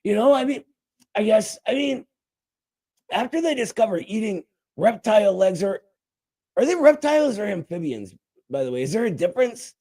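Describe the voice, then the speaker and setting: A man's voice: sits high, very animated, moderate pace, dark tone. A man hosting a show, delivering a mock-outraged comedic rant full of sarcastic asides. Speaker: show host.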